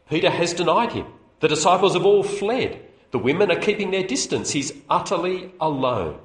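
A man preaching a sermon to a public meeting, expressive, with rhetorical questions and small chuckles. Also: on the high side. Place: meeting hall. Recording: echoey room.

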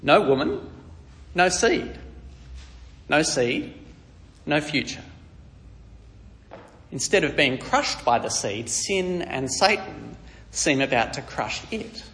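Animated male Bible teacher, echoing hall. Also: fairly high pitch, slow pace, pauses often. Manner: lively storytelling with wry asides. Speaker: preacher.

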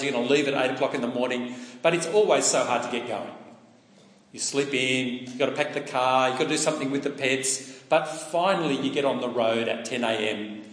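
A man preaching a sermon in a conversational way, asking his listeners rhetorical questions. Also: medium pitch. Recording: echoey hall with long reverb.

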